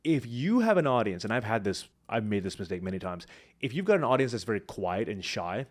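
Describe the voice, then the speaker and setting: A man teaching public speaking, talking to camera with lively swings between high energy and quiet, hushed moments. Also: brisk. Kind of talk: instructional talk to camera.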